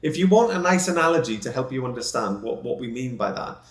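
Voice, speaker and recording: A man co-hosting a podcast, explaining with everyday analogies in a lively, jokey, self-deprecating way. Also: medium pitch, fast talker. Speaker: podcast co-host. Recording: roomy echo.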